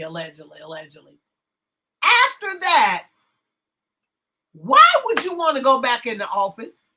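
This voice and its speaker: Ranting casually to her livestream chat, a brash, foul-mouthed host swings between loud declarations and quiet asides. Her voice is high and bright, rising and falling in lively swings as she drawls along unhurriedly.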